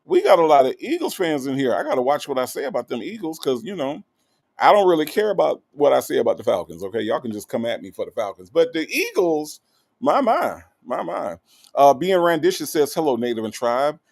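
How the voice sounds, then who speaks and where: A man hosting a casual livestream, reading out viewer comments and greeting them one by one in a teasing, animated way. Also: a little high, fast talker, vocal fry. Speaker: livestream host.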